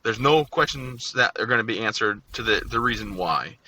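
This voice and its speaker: A man's voice: medium pitch, expressive, normal speed, sharp tone, slight background noise, rough recording. A man in his thirties, a podcast guest telling his story candidly and acting out his own past words. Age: 30s.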